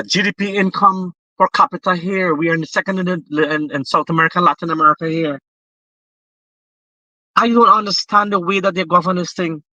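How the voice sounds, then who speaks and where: A Guyanese man appears as a guest in a political discussion, speaking with passion and repeatedly restarting his sentences. His voice sits high and sounds pushed and bright, in a dry, rough recording.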